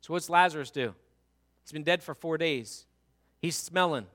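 A male pastor preaches with animated humor and asks his congregation direct questions. His voice sits a bit high and has a bright, forceful edge. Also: normal speed. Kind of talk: sermon.

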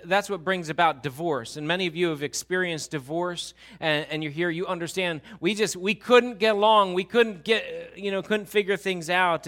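A man's voice: high-pitched, a bit bright. A man preaching a sermon in a church, talking to the congregation in a conversational way and joking with them. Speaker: pastor.

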